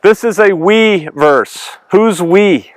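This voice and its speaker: A man's voice: high voice, slow, poor audio. A man preaching a casual, conversational sermon, reading scripture and asking his congregation questions. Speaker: pastor.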